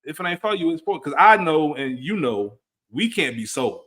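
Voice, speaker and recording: A man's voice: fairly high pitch, sing-song, a bit bright. A man co-hosting a podcast in casual chat, emphatic, often acting out what people said to him. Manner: fast, emphatic, acts out quoted people. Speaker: podcast co-host.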